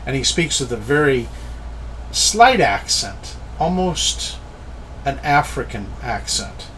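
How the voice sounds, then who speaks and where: A man narrating a tabletop game as game master, telling the scene slowly and descriptively. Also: mid-range voice, expressive, bright, forceful tone, slight background noise. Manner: slow, descriptive storytelling.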